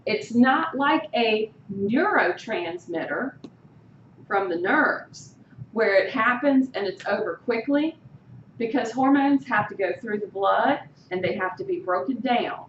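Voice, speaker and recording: A woman teacher lectures a class slowly, her slightly high voice rising and falling with lively animation. She keeps checking in with the students and tossing them questions. She is recorded from far off in an echoey room, and the sound is a little muffled. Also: slight background noise. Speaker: college instructor.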